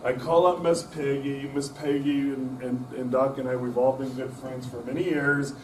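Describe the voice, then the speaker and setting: A man's voice: medium pitch, flat delivery, normal speed, recorded from a distance, slight background noise. Middle-aged man rambling stories, echoey room. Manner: rambling, folksy, self-deprecating humor. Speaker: guest speaker. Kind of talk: anecdotal storytelling talk. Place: club meeting room.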